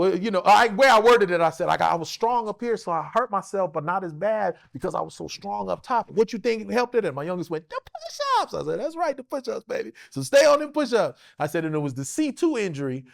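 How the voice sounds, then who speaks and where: A man's voice: fairly high pitch, creaky. A middle-aged man from Los Angeles, a guest telling stories in a casual, profane interview and acting out the voices of people he quotes. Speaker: actor guest.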